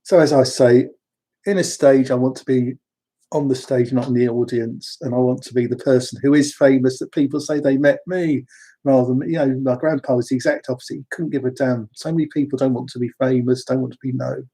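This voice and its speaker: A man's voice: medium pitch, steady tone, brisk, dark tone, husky. A man from London, chatting through wandering personal stories with frequent restarts. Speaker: storyteller. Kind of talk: rambling personal anecdotes.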